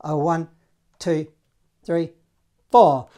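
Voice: mid-range voice, steady tone, very slow, dark tone, soft background music. Chatty, encouraging online saxophone tutor; casual delivery, scats and counts. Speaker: saxophone teacher. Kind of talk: online music lesson.

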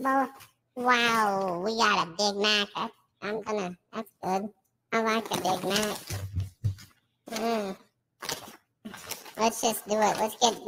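Man using a voice filter, high creaky filtered voice, slow, brash streetwise eater, slangy hype talk. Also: bright, forceful tone, a little hiss or hum, exaggerated voice. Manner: swaggering, slangy hype talk while eating. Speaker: streamer doing a mukbang.

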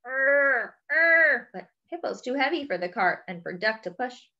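A woman reading a children's picture book aloud, pointing out the pictures as she goes. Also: mid-range voice. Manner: slow, animated, pointing out pictures. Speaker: storyteller. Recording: dull lo-fi recording.

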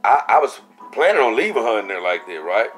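A young man casually telling a story for his vlog, animated and profane, acting out what he said at the time. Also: on the low side, fairly quick, soft background music. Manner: animated, profane, acts out his own quotes. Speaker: vlogger.

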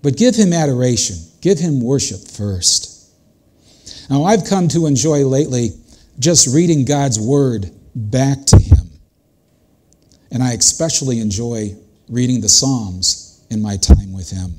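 Slow, earnest older male pastor. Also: mid-range voice, expressive, a little mellow. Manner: earnest, conversational preaching. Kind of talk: sermon.

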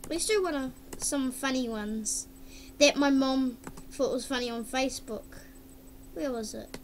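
A woman's voice: high voice, unhurried, a little hiss or hum. A woman vlogging casually at her computer, exclaiming, giggling and humming along, recorded through a webcam mic. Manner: giggly, exclaims often, hums and sings along.

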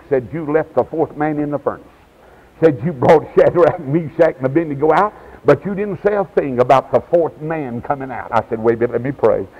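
A man preaching as an evangelist at a revival, swinging from low asides to high shouted cries. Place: church. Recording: dull lo-fi 1990s church tape.

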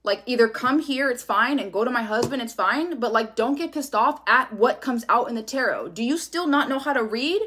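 A woman's voice: fairly high pitch, moderate pace, few pauses, fairly bright tone, breathy edge. A woman giving a casual tarot reading, talking bluntly with lots of swearing and a sassy edge. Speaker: tarot reader.

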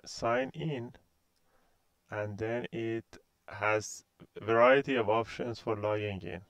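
A man's voice: mid-range voice, gravelly, no room sound. A man in his thirties from Iran with a Persian accent, a university instructor giving a recorded course introduction, hesitant and full of fillers.

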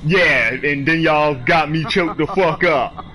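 A man's voice: fairly high pitch, slow pace, soft background music, rough recording. A man streaming a game, trash-talking in loose, profane commentary. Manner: profane, animated trash talk. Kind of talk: live gameplay commentary.

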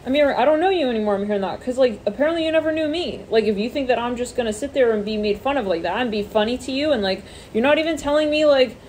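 A woman's voice: on the high side, fast talker, few pauses, a little mellow, slight background noise. A woman giving a casual tarot reading, rambling with many fillers and swearing offhandedly. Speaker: tarot reader.

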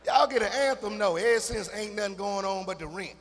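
A middle-aged man performing live stand-up on an arena stage, animated, breaking into singer impressions. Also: fairly quick, slight background noise. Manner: animated, mimics singers with falsetto and crooning. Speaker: stand-up comedian. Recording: live arena recording with long reverb.

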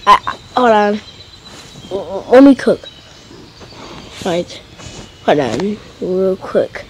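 A woman narrating a mobile game in a halting, mumbly way. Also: mid-range voice, lively intonation, slight background noise. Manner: halting, mumbly, stops and restarts. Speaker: game player.

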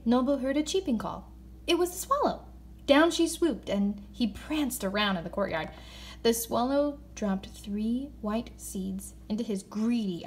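A woman reads a children's folktale aloud. Her voice sits a little high, and she reads expressively, slowing down on key words. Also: slight background noise. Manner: expressive, slows down for emphasis. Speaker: narrator. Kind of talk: children's story read-aloud.

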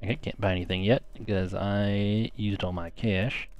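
Low-voiced man muttering game commentary. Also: fairly even intonation, moderate pace, darkish tone, smooth, soft background music. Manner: mutters menu choices half to himself. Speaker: gaming commentator. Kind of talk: casual let's-play commentary.

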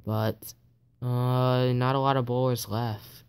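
A man narrates a game recap in a loose, off-the-cuff voice. His delivery is chatty and teasing, and he is quick to break into mock laughter. His pitch sits at an ordinary middle level for a man. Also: level tone, clear, resonant tone. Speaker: gaming video host. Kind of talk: casual gameplay commentary.

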